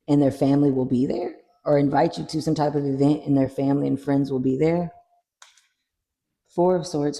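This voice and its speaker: A tarot reader chatting casually through a card reading, animated and swearing freely. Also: mid-range voice, gravelly. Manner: animated, swears freely, acts out little scenes.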